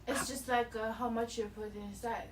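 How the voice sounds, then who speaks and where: A woman's voice: a little high, fairly even intonation, normal speed. Woman, off-mic and teasing, in an echoey, noisy room. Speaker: streamer's girlfriend. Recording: echoey, distant, noisy ambience.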